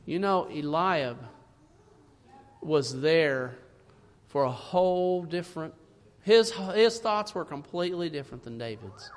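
High-voiced fervent preacher in a reverberant hall. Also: male voice, unhurried. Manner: fervent, swings from loud emphasis to hushed asides; reads scripture in old-fashioned wording. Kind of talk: sermon. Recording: long reverb in a large hall.

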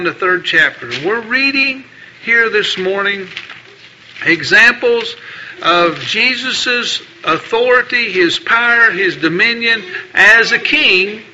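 A man delivers a sermon in a high, piercingly bright voice. He presses his points by repeating phrases and reads scripture aloud. The recording is dull and lo-fi. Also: a little hiss or hum. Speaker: preacher.

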